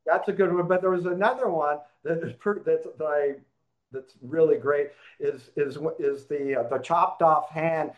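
A man co-hosting a casual movie podcast, speaking haltingly with many fillers. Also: a little high, lo-fi sound. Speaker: podcast co-host. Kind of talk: casual chat.

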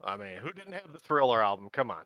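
Male co-host, bright edgy voice, teasing banter, dry sound. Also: medium pitch, very animated, fast, no echo. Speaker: podcast co-host. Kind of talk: casual chat.

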